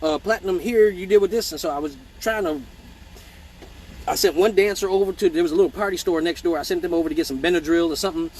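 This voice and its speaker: A man's voice: on the high side, fast, darkish tone, a little hiss or hum. A man, a male exotic dancer, hosting a live question-and-answer show and telling a rambling, profane story with joking asides to his viewers. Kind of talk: casual storytelling on a livestream.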